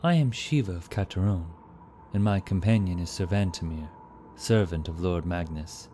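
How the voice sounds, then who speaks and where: A man voicing a cold, terse male warden who speaks in clipped, forceful lines. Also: low voice, normal speed, a little hiss or hum, close to an everyday voice.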